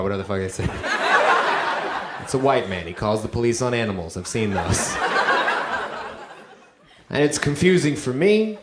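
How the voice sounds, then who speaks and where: A man from Romania performing a stand-up comedy set on a club stage, mostly deadpan with sudden loud high-pitched outbursts. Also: normal speed, pauses often, very noisy. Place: comedy club with live audience. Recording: echoey club with audience laughter.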